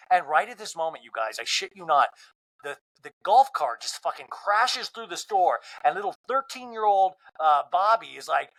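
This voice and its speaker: A male podcast host dishing on reality TV in a gossipy, animated recap. His voice sits a touch high for a man and rises and falls with lively swings. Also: brisk, low-quality recording. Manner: gossipy, animated storytelling with mimicry.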